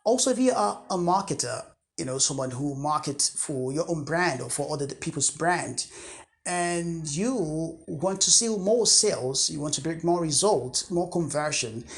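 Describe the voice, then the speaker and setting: A coach speaks in an unscripted talk to camera, pitched at an ordinary middle height. The delivery is earnest and emphatic, with key words said twice. Sentences often restart partway through. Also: animated, unhurried. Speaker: English accent coach.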